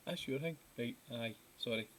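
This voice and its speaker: A Scottish man with a mid-range, fairly bright voice hosts a casual live drawing stream, chatting and giggling as he hops between topics. The audio is poor, with a faint hiss.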